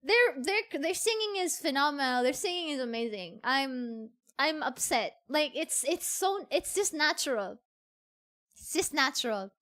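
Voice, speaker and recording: A woman VTuber streamer chatting casually on a livestream, excitable and gushing, often repeating herself. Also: sits high, a little slow.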